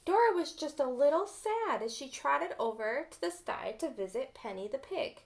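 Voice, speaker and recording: A woman reading a storybook aloud to children as a teacher, gently pausing to ask them questions. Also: high-pitched, very animated, a little hiss or hum.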